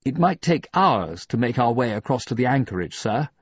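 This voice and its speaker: Guy putting on a snappy worried navy officer, higher and louder than his usual voice, kinda husky, dull audiobook sound. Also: big pitch swings, moderate pace, dry recording. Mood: uneasy. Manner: sharp, tense outbursts. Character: anxious, irritable naval officer, adult man.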